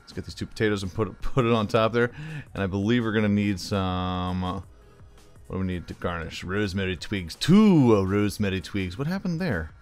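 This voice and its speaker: A man's voice: deep voice, expressive, a little fast, clear, resonant tone, faint music behind. A man casually commentating his own cooking game as he plays, chatty and thinking aloud, calling the viewer "bro". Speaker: gaming channel host. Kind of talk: casual let's-play commentary.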